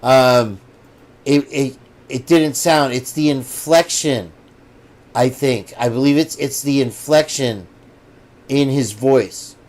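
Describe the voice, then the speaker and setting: A man's voice: medium pitch, slow pace, darkish tone. Rambling man hosting a live chat. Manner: rambling, thinks aloud. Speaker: livestream host. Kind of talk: casual live chat with viewers.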